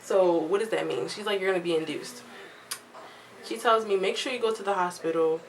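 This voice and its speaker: A young woman telling a casual storytime vlog at home, lively and chatty, acting out what others said. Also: mid-range voice, fairly quick, a little hiss or hum, low-quality recording. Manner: chatty, animated quoting of others, laughs often. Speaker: vlogger.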